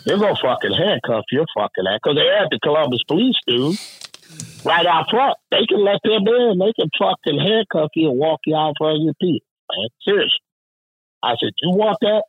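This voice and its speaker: A man's voice: fairly high pitch, a little fast, slightly rough, no echo, dull audio. A man telling a workplace story in casual, profane talk, acting out the people in it with lots of swearing. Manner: profane, animated, acts out quoted voices. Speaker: union representative telling a story.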